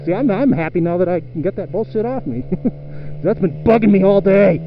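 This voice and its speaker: A man's voice: sits high, expressive, moderate pace. Profane man ranting on a motorcycle. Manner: profane, exasperated venting. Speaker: motorcycle vlogger. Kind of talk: ranting vlog while riding. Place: outdoors on a motorcycle. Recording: dull lo-fi audio with faint road noise.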